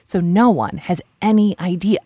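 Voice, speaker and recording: A woman in her forties, appearing as a guest, tells stories frankly in a mellow, medium-pitched voice with a breathy edge and a moderate pace. She's self-deprecating and bluntly profane, full of fillers and restarts, recorded in studio quality with no echo.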